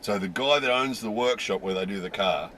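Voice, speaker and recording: A man's voice: fairly low pitch, a little fast, a bit bright, a little hiss or hum. A man vlogging casually to camera about life in Japan, stressing points by repeating his words.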